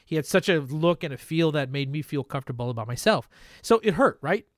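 A man's voice: on the high side, expressive, a little fast, no room sound, clean studio sound. A man hosting a casual podcast, joking around and then asking earnest questions. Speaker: podcast host. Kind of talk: casual chat.

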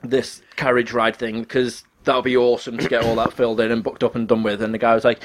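A young man tells a story in a relaxed chat at a middle pitch. He swears freely and acts out each side of the conversation with animated voices. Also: fast, hardly any pauses, background noise. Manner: animated, swears often, acts out quoted dialogue.

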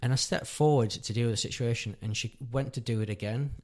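At a quick pace and medium pitch, a father of about thirty shares a long personal tale as a podcast guest. The chat is casual and meandering, full of earnest self-corrections.

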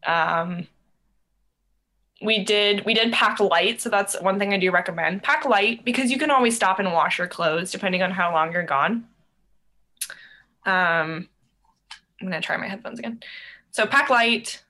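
A woman's voice: mid-range voice, unhurried, pauses often. A young woman hosting a podcast, chatting casually and telling stories with lots of fillers. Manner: animated storytelling, many fillers. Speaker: podcast host. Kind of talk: casual chat.

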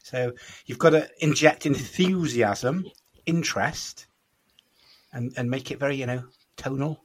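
A man's voice: mid-range voice, unhurried. A young man hosting a casual podcast chat, teasing his co-hosts and steering the talk. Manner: teasing, jokey, leads the chat. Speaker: podcast host.

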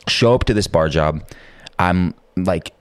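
A young man telling a rowdy anecdote in casual chat, swearing freely, full of filler words, and jumping into high voices for quoted lines. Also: unhurried, no room sound.

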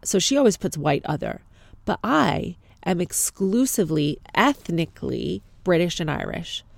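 A woman with a Canadian accent tells a story in an exasperated, sarcastic rant. Her voice is gravelly with some vocal fry, and it sounds close and dry with no room echo. She swears freely and keeps a casual tone. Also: fairly low pitch, sing-song, moderate pace.

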